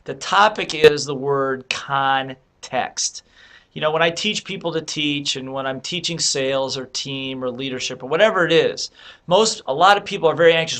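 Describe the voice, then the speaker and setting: A motivational speaker and author addresses the camera in a slightly high, somewhat bright voice at a moderate pace. His talk is emphatic, coaching listeners with rhetorical questions.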